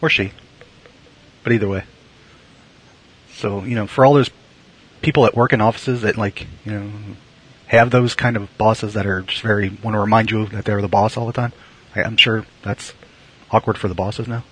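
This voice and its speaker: Host type, man with a raspy edge, loose and chatty with dry humor. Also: lowish voice, fairly even intonation, normal speed, pauses often, rough recording. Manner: rambling, filler-heavy, wry jokes. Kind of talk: casual chat.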